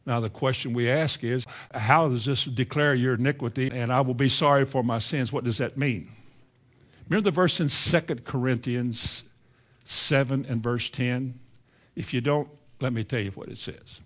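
A man preaching a sermon, swinging between loud, emphatic lines and quiet, low asides. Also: moderate pace. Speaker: pastor.

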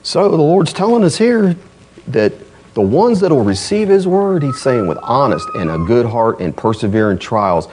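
A man preaching a sermon in a conversational way, acting out quoted voices and moving between loud emphasis and quiet, low asides. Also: big pitch swings, normal speed, a little hiss or hum. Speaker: pastor.

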